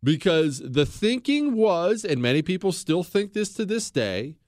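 A man's voice: high voice, very animated, a little slow, a little mellow, dry recording, studio quality. A man hosting a podcast, telling history in a blunt, opinionated way, mocking people and acting out quotes. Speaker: podcast host.

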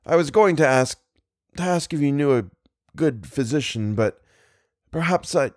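A man voicing a frightened, broken scholar who speaks in halting, faltering, sobbing phrases. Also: a little high, expressive, no echo, clean studio sound, pitched above the performer's own voice. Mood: anguished. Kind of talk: audiobook character voice.

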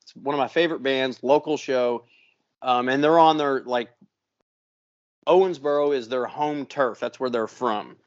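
A man co-hosting a podcast, telling a story in a casual, animated and profane way. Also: mid-range voice, moderate pace. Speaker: podcast co-host. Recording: dull lo-fi sound.

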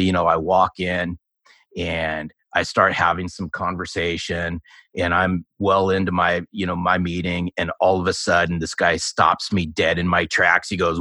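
A man in his fifties, a guest author on a sales podcast, telling stories in a casual, animated way and acting out the dialogue. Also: low-pitched, no room sound, studio quality. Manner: animated storyteller, acts out quoted dialogue. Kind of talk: casual storytelling interview.

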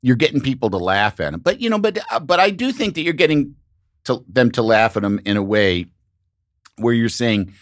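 Blunt middle-aged host, dry close mic. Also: male voice, mid-range voice, very animated, a little fast, no room sound. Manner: loose, repetitive, blunt and profane. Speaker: podcast host. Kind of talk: casual podcast conversation.

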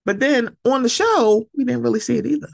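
A woman's voice: a little high, a little fast, creaky, dry recording, studio quality. A woman hosting a solo podcast, talking in a casual, emphatic way, swearing freely and acting out the people she quotes. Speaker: podcast host. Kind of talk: solo casual chat about reality TV.

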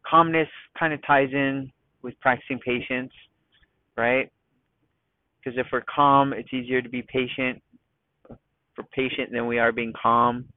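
A man hosting a casual solo podcast, talking in a rambling, self-mocking way and deliberately slowing into a calm voice. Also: mid-range voice, dry recording. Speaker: podcast host. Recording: dry, thin phone-like sound.

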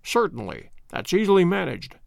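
A man voicing a calm, wry detective who speaks in a measured, commanding way. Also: high-pitched, no room sound, studio quality, heavily acted. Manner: measured, crisp, quietly amused.

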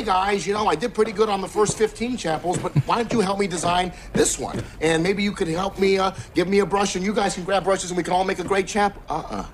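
An actor playing a worn-out boyfriend in a film scene who wriggles out of helping with chores by talking fast and glibly. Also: male voice, sits high, lightly acted. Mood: mock lecturing. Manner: fast-talking, glib, wheedling, rising to mock grandeur. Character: lazy exhausted boyfriend dodging chores. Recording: film clip with faint background noise.

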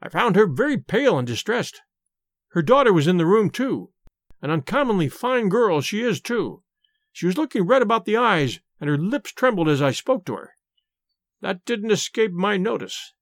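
A man's voice: high-pitched, big pitch swings, moderate pace, dry recording, studio quality. A man reading an audiobook, voicing a self-satisfied detective telling his story with animation. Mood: eager. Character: boastful police detective, eager man.

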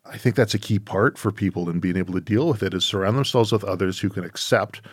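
A man's voice: on the low side, fast, slightly rough, no room sound, studio quality. A man hosting a podcast interview, thinking aloud reflectively with frequent tag questions. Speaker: podcast host.

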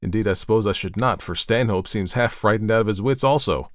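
A man's voice: fairly low pitch, brisk, no room sound, clean studio sound, close to an everyday voice. A man voicing a cheerful young man who talks in a hearty, coaxing and teasing way.

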